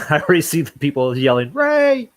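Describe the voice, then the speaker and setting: A man's voice: fairly low pitch, normal speed, no room sound, poor audio. A man co-hosting a casual chat, laid-back and agreeable, with lots of fillers. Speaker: co-host.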